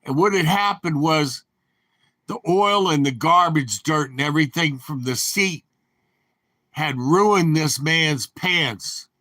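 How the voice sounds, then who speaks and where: A man's voice: on the high side, slow pace, sharp tone, no room sound. An older man telling rambling, anecdotal stories in his own voice. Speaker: storyteller. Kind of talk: rambling storytelling.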